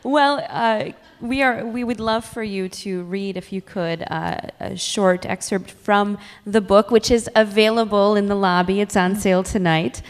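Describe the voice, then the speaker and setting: A woman's voice: medium pitch, unhurried, hardly any pauses, clean tone. A woman hosting a book event who asks politely and hesitantly for a reading. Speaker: event host.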